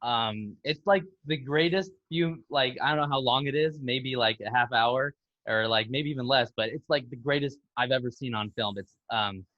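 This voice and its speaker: A man's voice: mid-range voice, moderate pace, no echo, lo-fi sound. A man co-hosting a casual film podcast, eagerly retelling movie scenes and acting out their lines. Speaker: podcast co-host.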